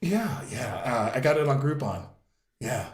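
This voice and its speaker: A cheap boyfriend on a date, played by a man who keeps placating her and repeating himself. His pitch swings widely. The room around him echoes. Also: big pitch swings, unhurried. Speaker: improviser. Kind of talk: improvised comedy scene. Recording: roomy reverb.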